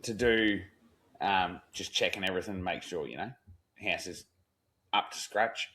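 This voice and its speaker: A man's voice: low-pitched, unhurried, pushed and bright. An Australian man co-hosting a podcast, telling a story in a casual, swearing, slangy style and acting out the lines of the people in it. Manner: swearing, slangy yarn-telling, acts out quotes. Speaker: podcast co-host.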